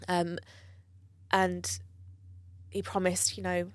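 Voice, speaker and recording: Woman telling her story, low creaky voice, dry close sound, swears, very open. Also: level tone, moderate pace, dry recording. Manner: candid, emotional, swears freely. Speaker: guest. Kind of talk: personal storytelling interview.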